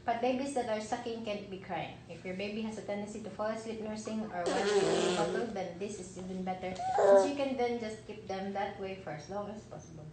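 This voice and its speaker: A woman delivers parenting advice as a steady, explanatory voice-over at a middle pitch. The sound is roomy and echoey. Loud background noise sits under her voice. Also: fairly quick, hardly any pauses. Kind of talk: informational voice-over.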